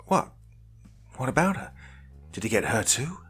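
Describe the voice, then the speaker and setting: A man's voice: very animated, moderate pace, a bit bright, soft background music. Man doing a squealing young girl. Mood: anxious. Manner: high-pitched and squealing. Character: excited young girl trick-or-treating in werewolf mask.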